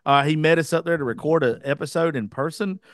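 Casting: male podcast host, slightly higher voice, blunt and profane, close dry mic. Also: fast talker, no room sound. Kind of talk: casual chat.

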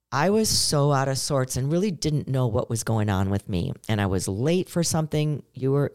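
A middle-aged woman co-hosting a podcast, telling a personal story in an earnest, conversational way and acting out the lines she quotes. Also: very deep voice. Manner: earnest, storytelling, animated when quoting. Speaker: podcast co-host. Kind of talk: casual chat.

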